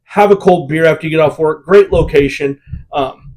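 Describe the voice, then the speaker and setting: A man with a fairly high voice co-hosting a laid-back podcast. He talks in an upbeat, rambling way, with lots of "um" and "uh" as he goes. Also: moderate pace, darkish tone. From Iowa, United States. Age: adult with children. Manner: upbeat, rambling, many fillers. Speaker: podcast co-host. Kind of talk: casual podcast chat.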